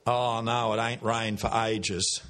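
An Australian man playing a grumbling bush farmer who moans that everyone will be ruined, in a whining, drawn-out voice. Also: lowish voice, flat delivery, fairly bright tone, pitched below the performer's own voice. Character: grumbling old bush farmer, always doom-saying.

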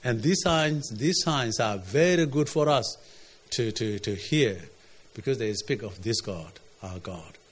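A man preaching a sermon, often repeating words and swinging between loud stresses and quiet trailing phrases. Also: medium pitch, animated, breathy edge. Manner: halting, repeats words, rises and falls in volume.

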